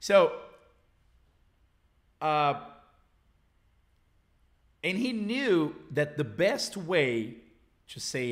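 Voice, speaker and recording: A Brazilian man with a Brazilian Portuguese accent teaching a live English lesson. He repeats phrases slowly and mixes in explanations in his native Portuguese. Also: fairly high pitch, big pitch swings, a bit bright.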